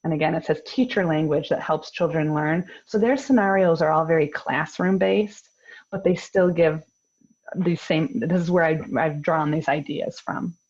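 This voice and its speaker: A woman in her thirties leads a parenting workshop over a video call, explaining calmly and firmly. Her voice sits a little low, with a husky, gravelly texture. The sound is dull and lo-fi, as a call mic gives it. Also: normal speed. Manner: calm, firm, explanatory. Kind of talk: online workshop presentation.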